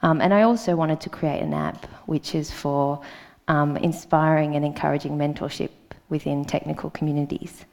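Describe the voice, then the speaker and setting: Speaking in a conference hall, this Australian woman in her thirties sits low in pitch, with lively intonation, a moderate pace and a darkish tone. Her talk is hesitant, full of ums and uhs.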